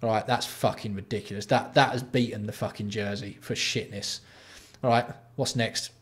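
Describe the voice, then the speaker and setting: A man's voice: on the low side, fairly even intonation, normal speed. A man hosting a live stream, ranting and swearing in exasperation while reacting to products. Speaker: livestream host. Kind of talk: casual live-stream commentary.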